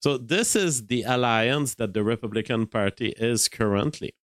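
A man from Quebec, a native French speaker with a Quebec French accent, hosting a live stream and thinking aloud in a measured way with frequent restarts. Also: mid-range voice, a bit bright, no echo. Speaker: livestream host. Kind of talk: live-stream commentary, reading super chats.

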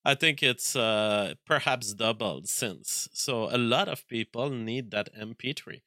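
A man with a French accent hosting a live stream, reading viewer messages and thinking aloud in a halting, stop-start way. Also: mid-range voice, sharp tone, no room sound, clean studio sound. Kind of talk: casual live-stream chat.

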